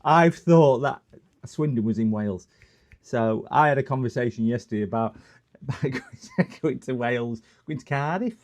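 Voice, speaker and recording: A man's voice: mid-range voice, moderate pace, a little mellow. A middle-aged man, chatting casually and joking with viewers as he hosts a repair livestream. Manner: jokey, rambling, answers chat comments.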